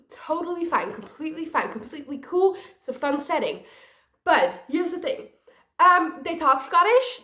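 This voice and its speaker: A woman's voice: sits high, a bit bright. A young woman chatting casually in a reading vlog, talking to the camera with lots of "like" fillers. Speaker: book vlogger.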